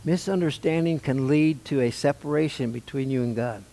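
The older man preaching in this church sanctuary is the pastor, asking his congregation questions as if in conversation. His mid-range voice is creaky and mellow, at a moderate pace.

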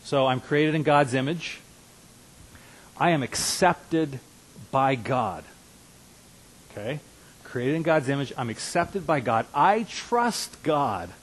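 A husky, slightly breathy man in his fifties delivers a sermon as a pastor. He speaks earnestly, sinking into quiet, confiding asides and then climbing into strong, emphatic declarations. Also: mid-range voice, animated, slow pace, pauses often, rough recording. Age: 50s.

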